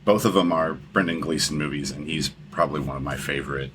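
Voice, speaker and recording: A man's voice: very deep voice, quick pace, fairly bright tone, slight background noise, low-quality recording. A man co-hosting a podcast, chatting casually about films, restarting sentences and swearing now and then. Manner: rambling, repeats words, swears casually. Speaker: podcast co-host. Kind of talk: casual film discussion.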